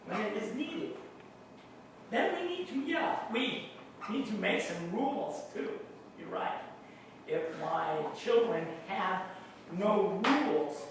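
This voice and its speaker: A male pastor giving a sermon, speaking slowly and deliberately and putting questions to his congregation. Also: high voice, background noise. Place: church hall. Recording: very echoey room, mic far off.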